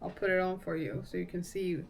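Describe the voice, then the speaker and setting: A woman's voice: lowish voice, fairly even intonation, a little fast, vocal fry, slight background noise. A young woman chatting casually on a live stream, telling a story with lots of fillers and laughter.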